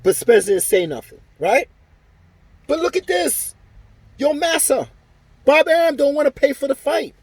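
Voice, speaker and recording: A man's voice: very high-pitched, expressive, measured pace, long pauses, no echo. A man ranting angrily to camera about boxing, heated and profane, repeating himself as he vents. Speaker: boxing commentary vlogger. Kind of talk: angry opinion rant to camera.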